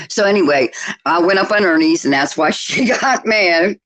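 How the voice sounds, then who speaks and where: A woman guest on a livestream panel, telling gossip stories in an animated way and laughing often. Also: lowish voice, moderate pace, rough recording. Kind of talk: casual gossip chat.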